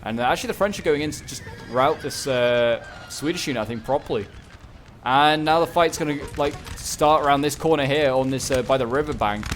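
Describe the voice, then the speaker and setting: A man giving chatty, excitable, rambling commentary on a game battle. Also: mid-range voice, fairly quick, soft background music. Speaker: gaming channel host. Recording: gunfire and battle sounds over voice. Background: game gunfire and battle noise.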